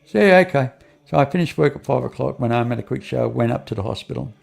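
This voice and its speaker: A man's voice: mid-range voice, fast talker, vocal fry, darkish tone. An older man tells a long personal story as an interview guest. He rambles, repeats phrases and restarts often, and acts out the lines of the people in his story.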